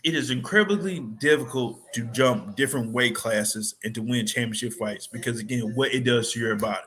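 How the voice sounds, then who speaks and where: A man co-hosting a sports podcast, chatting casually in an animated, rambling way full of slang. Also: mid-range voice, a little fast. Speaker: podcast co-host.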